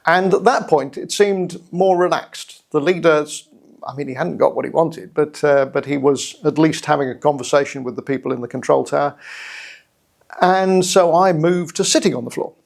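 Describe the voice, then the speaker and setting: A middle-aged man with a British accent, telling his own story in a measured, reflective way with hesitant restarts. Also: on the high side, vocal fry. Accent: British English. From England. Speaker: guest storyteller. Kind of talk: personal story told to camera.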